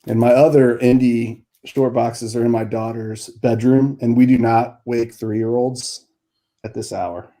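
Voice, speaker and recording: A man casually pitching items on a live auction stream, laid-back and easygoing. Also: fairly even intonation, unhurried, mellow. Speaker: auction seller.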